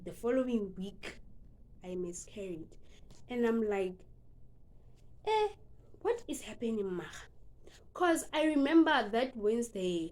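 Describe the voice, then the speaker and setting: A young South African woman with a mid-range, dark-toned voice and a South African accent tells a personal story in an earnest, emotional vlog, drifting now and then into casual asides.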